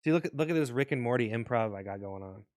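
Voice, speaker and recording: A man's voice: mid-range voice, lively intonation, fast, a little mellow, no echo, clean studio sound. A young adult man vlogging in a rambling, profane casual rant, often restarting his sentences.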